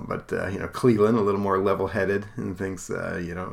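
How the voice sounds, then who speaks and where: A man's voice: low-pitched, steady tone, fairly quick, gravelly, few pauses. A man co-hosting a podcast, reading comic book dialogue aloud and acting out the characters, with many fillers. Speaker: podcast co-host. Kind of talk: casual comic book read-along.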